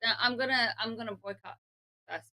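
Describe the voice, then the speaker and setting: A woman's voice: on the high side, brisk, very noisy. A woman co-hosting a podcast, chatty and laughing along in casual talk. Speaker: podcast co-host. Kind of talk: casual chat.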